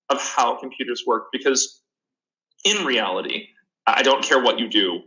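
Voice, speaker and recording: A man's voice: mid-range voice, bright, forceful tone, poor audio. A man in his twenties, a podcast guest and startup founder, giving earnest advice in a casual interview, often restarting his sentences. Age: 20s.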